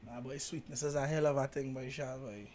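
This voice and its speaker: A man's voice: mid-range voice, fairly even intonation, a little fast, a crowd in the background. A man in casual, teasing banter with friends, talking in a sing-song way and laughing often. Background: music.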